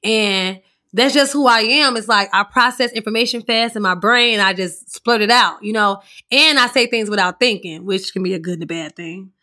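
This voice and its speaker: A woman with a raspy voice hosting her own podcast, telling her story in a candid, chatty way and swearing freely. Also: medium pitch, normal speed, sharp tone. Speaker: podcast host. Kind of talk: casual solo podcast monologue.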